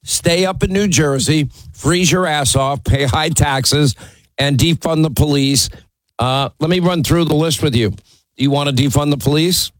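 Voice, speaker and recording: A man's voice: on the high side, normal speed, dry recording, low-quality recording. A middle-aged man hosting a call-in radio show, blunt and mocking as he argues with callers. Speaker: radio talk show host. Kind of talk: combative call-in radio talk.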